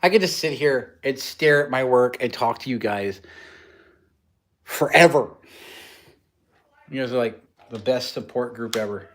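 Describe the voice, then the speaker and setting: A man's voice: medium pitch, a little slow, long pauses. A man hosting a casual livestream, talking through a build in a rambling, joking, technical way.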